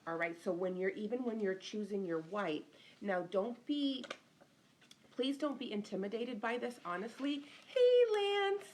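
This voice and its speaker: A woman's voice: medium pitch, moderate pace, slight background noise. A middle-aged woman, an interior designer, giving a casual live-stream lesson, chatting and greeting viewers by name as she goes.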